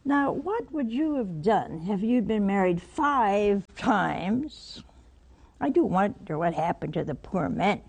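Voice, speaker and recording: A woman's voice: medium pitch, very animated, slow, a little mellow, husky. A woman preaching a sermon, telling a Bible story and putting rhetorical questions to her listeners.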